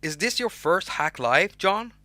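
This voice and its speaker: Young Swedish-accented male streamer, bright tense voice, dry close sound, rambling and restarting. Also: high-pitched, lively intonation, a little slow, no room sound. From Sweden. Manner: rambling, restarts words, reads chat names aloud. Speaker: livestream host and music producer. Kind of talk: unscripted livestream chat.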